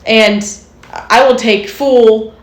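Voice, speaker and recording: A woman's voice: fairly high pitch, steady tone, drawn-out words, roomy sound. A woman co-hosting a podcast as a therapist, talking casually and explaining with lots of "like" and "right?". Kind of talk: casual chat.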